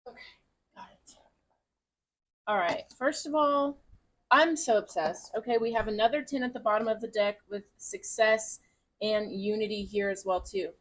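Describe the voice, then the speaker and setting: A woman's voice: mid-range voice, fairly even intonation, normal speed. A woman giving a casual tarot reading to camera at home, gushing, chatty and encouraging, with the odd swear word. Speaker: tarot reader.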